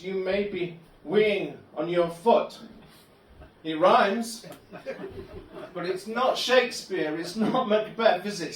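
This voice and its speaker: A male stand-up comedian tells absurd tales with a deadpan delivery in a fairly high voice. Recorded from a distant mic, his voice rings around the roomy space of a comedy club bar room.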